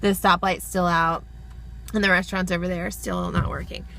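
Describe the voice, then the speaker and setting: A woman's voice: fairly low pitch, flat delivery, fairly quick, vocal fry, sharp tone. A young woman vlogging casually from her car while driving through snow, chatty and exasperated, laughing often. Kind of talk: casual vlog chat. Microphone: phone camera. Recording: car noise behind the voice.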